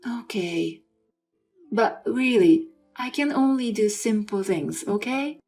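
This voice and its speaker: A woman voicing an exasperated young wife with an injured arm, in a scripted story reading with a plain, even delivery. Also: mid-range voice, slow pace, faint music behind.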